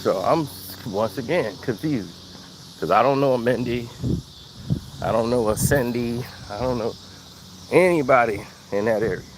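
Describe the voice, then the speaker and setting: A man's voice: medium pitch, moderate pace, long pauses. A young man casually telling a wry anecdote outdoors, laughing now and then. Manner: laid-back, wry, laughs through story. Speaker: storyteller vlogger. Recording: outdoor cricket noise.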